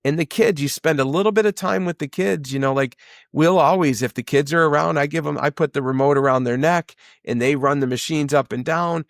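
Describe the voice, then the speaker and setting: Rambling storytelling business owner. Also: male voice, a little high, a little fast, dry recording, studio quality. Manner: rambling storyteller, many fillers, acts out quotes. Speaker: business owner, podcast guest. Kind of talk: casual conversation.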